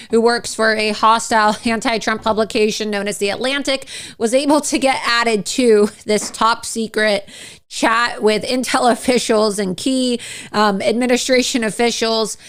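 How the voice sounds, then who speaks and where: Woman doing political commentary, chuckles as she goes, smooth voice, a bit high. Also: a bit bright. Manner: chuckles mid-sentence, emphatic, repeats points. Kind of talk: opinion commentary.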